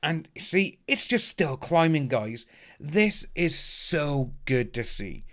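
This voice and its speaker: A man's voice: fairly high pitch, sing-song, slow pace. A man hosting a casual livestream, chatting upbeat and thanking viewers by name as he reads the chat. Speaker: livestream host reading chat. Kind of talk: casual live stream chat.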